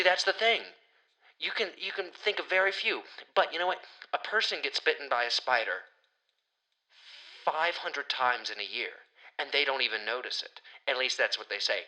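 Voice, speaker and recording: A young man hosting a podcast, ranting through a profane, rambling solo monologue that swings from heated outbursts to hushed asides. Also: a little high, rough recording. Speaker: podcast host.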